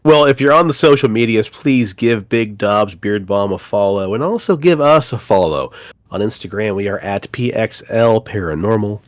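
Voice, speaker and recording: A man's voice: lowish voice, expressive, normal speed, no echo, studio quality. A man co-hosting a podcast in casual chat, his voice nasal and stuffed up from a cold, laid-back and jokey. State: congested from a cold. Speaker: podcast co-host.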